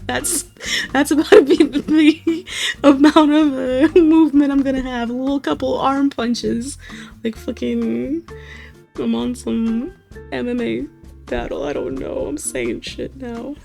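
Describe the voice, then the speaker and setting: Slow, profane young woman rambling to her stream. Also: sits high, creaky, darkish tone, faint music behind. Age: 20s. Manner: rambling, profane and self-mocking, often laughing. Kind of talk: casual chat to stream viewers.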